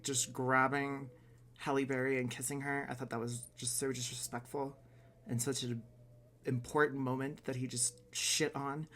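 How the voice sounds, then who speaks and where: A man of middle pitch speaks in a casual reaction vlog. He is blunt and sarcastic, airs strong opinions freely, and swears offhandedly. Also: a bit bright. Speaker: vlogger.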